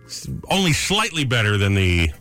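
A man hosting a morning radio show, bantering and ranting in a joking, lively way. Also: medium pitch, normal speed, soft background music.

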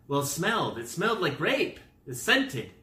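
A man rambling through a goofy comic monologue full of wordplay, swinging into loud exasperation. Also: fairly high pitch, sing-song, normal speed, echoey room.

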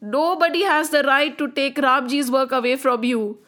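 A woman telling a story to children in an animated, expressive way, pausing to draw out the lesson. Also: high voice.

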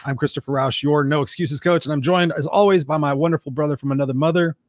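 A man co-hosting a casual talk show as a life coach, energetic and upbeat. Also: fairly high pitch, slight background noise. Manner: energetic, upbeat, quick-talking. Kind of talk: casual chat.

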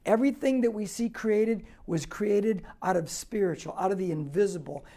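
A man's voice: high-pitched, dark tone. A male pastor teaching a Bible passage verse by verse, preaching emphatically with repetition and rhetorical questions.

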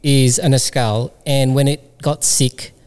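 A man's voice: mid-range voice, steady tone, takes it slowly, a little mellow, smooth, big-room sound. A man, a guest on a podcast, telling stories in casual conversation and often repeating himself. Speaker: podcast guest, wine company founder.

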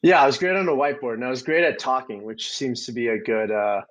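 Relaxed twenty-something male guest. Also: mid-range voice, fast, rough recording. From Arizona, USA. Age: 20s. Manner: relaxed, many fillers and hedges. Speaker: venture capital guest. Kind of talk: casual interview.

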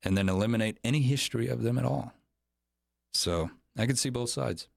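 A man's voice: mid-range voice, brisk, creaky, dry recording, clean studio sound. A man hosting a casual podcast chat, talking in an opinionated, rambling way. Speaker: podcast host.

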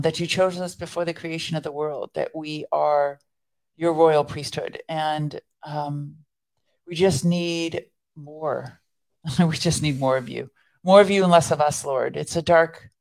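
A woman's voice: sits low, creaky, a little mellow. A woman co-hosting a faith podcast, chatting earnestly and leading a prayer. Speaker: podcast co-host. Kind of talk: casual chat and spoken prayer.

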